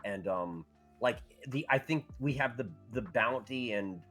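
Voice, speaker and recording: A man chatting on a gaming podcast in a loose, rambling way, swearing freely and laughing through his stories. His voice sits at an ordinary middle pitch. Faint music plays behind him. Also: lively intonation, unhurried, a bit bright. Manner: profane, rambling, laughing, puts on voices in anecdotes. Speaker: podcast co-host. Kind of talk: casual gaming podcast chat.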